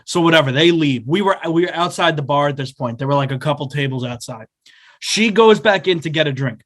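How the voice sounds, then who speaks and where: A man's voice: on the high side, expressive, brisk. A man in his twenties co-hosting a podcast, telling a rambling anecdote in casual chat and acting out what people said. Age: 20s. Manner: rambling anecdote with acted-out quotes. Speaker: podcast co-host.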